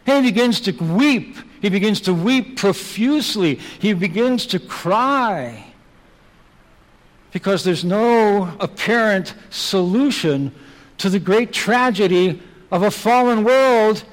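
A male preacher delivers a sermon at an unhurried, deliberate pace, pressing his listeners with repeated rhetorical questions. His voice sits fairly high for a man. It rings out with a long reverb, as if in a large church hall. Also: expressive.

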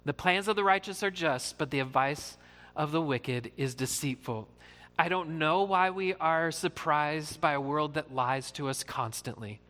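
A man's voice: fairly high pitch, a little slow, bright, forceful tone, in a large hall. A man who is a pastor, giving an earnest, conversational sermon with frequent fillers.

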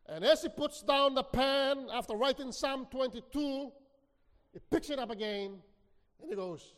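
A man preaching a sermon, reading scripture dramatically, with sudden swings between near-hushed lines and shouted ones. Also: extremely high pitch, a little slow. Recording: long hall reverb.

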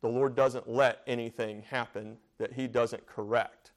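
A man's voice: mid-range voice, level tone, unhurried. A man leading a church Bible study in a plain, conversational way. He repeats phrases for emphasis and often turns questions back to the room.

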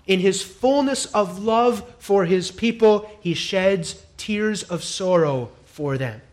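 A male pastor preaching a sermon, emphatic and repetitive, dropping to a hush and rising to loud declarations. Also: high voice, slow. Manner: emphatic, swings from hushed to loud; repeats phrases for emphasis.

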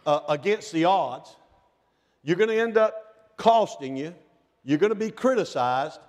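Middle-aged male preacher, high pitch, shouted peaks and near-whispered lows, long church reverb. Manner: swings from shouting to hushed, near-whispered passages. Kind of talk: sermon. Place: church sanctuary.

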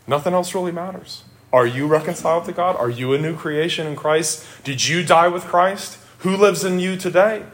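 This sermon comes from a middle-aged male pastor whose earnest, emphatic delivery swings between exclamations and hushed, thoughtful asides.

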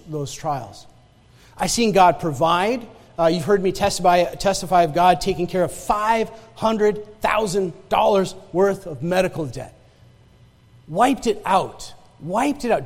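A man with a notably high voice preaches a sermon, mixing scripture with his own testimony. He talks loosely, restarting and repeating phrases as he goes. His voice rings out with the long reverb of a large hall. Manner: conversational, stammering restarts, repeats phrases for emphasis.

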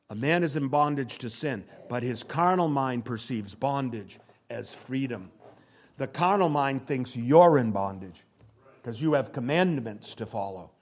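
A man preaching a sermon, swinging between loud, rising exhortation and low, quiet asides. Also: expressive, a little slow.

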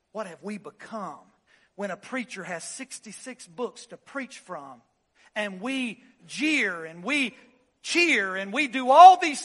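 A pastor preaching in a church, his voice riding high for a man. He hammers repeated phrases, climbs to shouting peaks and then drops to low, hushed asides. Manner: impassioned preaching, swings from loud highs to low quiet asides; repeats phrases for emphasis, "listen" and "y'all". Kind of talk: sermon. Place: church sanctuary.

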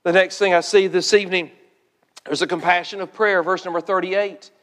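A man preaching an earnest sermon, often repeating words and slowing down to stress key phrases. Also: high-pitched, steady tone, fairly bright tone, big-room sound. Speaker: pastor.

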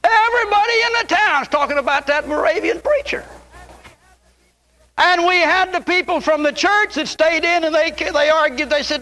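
An older male preacher delivers a fiery sermon in a high, piercing voice. He climbs to loud, impassioned peaks and then sinks to quiet, low asides. His tone is bright and cutting throughout. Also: normal speed.

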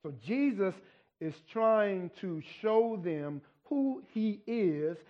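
A man with a high voice delivers a sermon at a slow, unhurried pace. He teaches in an easy conversational way and keeps asking his listeners "right?". The recording sounds dull and lo-fi. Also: lively intonation. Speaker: pastor.

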